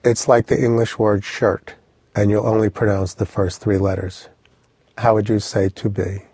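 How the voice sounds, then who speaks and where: A man teaching an audio language lesson, explaining with lively, vivid storytelling and direct instructions. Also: lowish voice, normal speed, breathy edge, dry recording.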